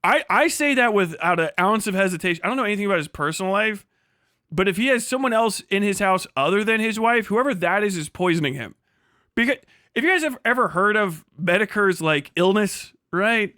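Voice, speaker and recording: Man, streamer host, profane rant, bright voice, dry recording. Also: high-pitched, animated, brisk, no room sound. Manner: ranting, profane, laughs a lot. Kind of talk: crude casual livestream chat.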